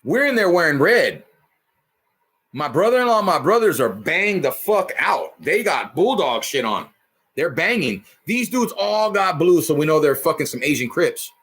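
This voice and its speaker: A man casually telling a rough story in heavy profanity and street slang, punching it up with sound effects. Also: fairly high pitch, big pitch swings, moderate pace, a bit bright. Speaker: storyteller host.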